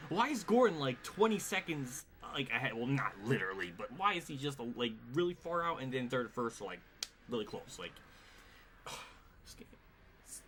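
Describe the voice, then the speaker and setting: A man's voice: medium pitch, very animated, normal speed, fairly bright tone. Exasperated man swearing through live gameplay. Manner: exasperated, swearing, laughing at himself. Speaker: streamer. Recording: clear background noise.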